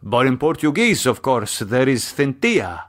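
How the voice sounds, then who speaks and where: A man's voice: medium pitch, big pitch swings, a little slow, voice pushed up. A man voicing Luis, a charming young barman, in an audiobook. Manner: smooth, charming.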